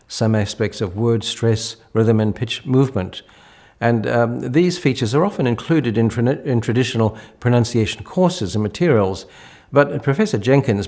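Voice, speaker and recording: A man giving a measured academic talk as a professor, with occasional restarts. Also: lowish voice, a little mellow. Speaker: professor of applied linguistics. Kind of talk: lecture talk.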